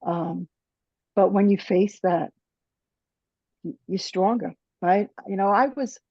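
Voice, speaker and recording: A woman presenter giving personal closing remarks at a conference, halting and restarting often and checking in with "right?". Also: medium pitch, a little mellow, no room sound. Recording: dull dry lo-fi sound.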